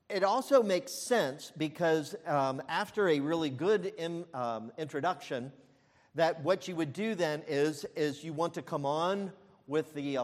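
A man preaching a sermon as pastor, emphatic, with frequent fillers and restarts and loud peaks. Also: on the high side, big-room sound.

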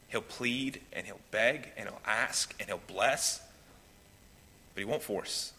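A man preaching a sermon as pastor, swinging between loud pleading and hushed, quiet lines. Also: medium pitch. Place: church sanctuary. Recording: reverberant hall with faint noise.

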